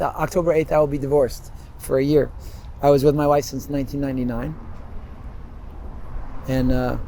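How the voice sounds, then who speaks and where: A man in his fifties telling his story in a rambling, animated way on an outdoor street interview, laughing often. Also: on the high side, a little hiss or hum. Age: 50s.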